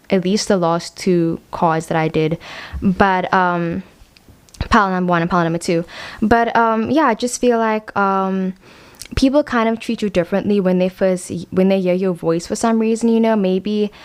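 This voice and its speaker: A woman's voice: medium pitch, fairly even intonation, normal speed, clean tone. A young woman giving a casual tarot reading, chatty and frank, full of fillers. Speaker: tarot card reader.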